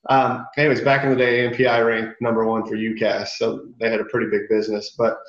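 A man's voice: medium pitch, quick pace, reverberant, lo-fi sound. A man in his thirties from Michigan, a sales guest telling stories in a casual podcast interview and acting out the quotes. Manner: animated storyteller, acts out quotes.

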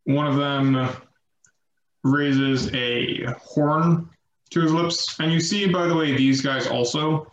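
A man narrating as game master of a tabletop game, relaxed and descriptive with light self-mockery. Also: mid-range voice, reverberant, a little hiss or hum, poor audio.

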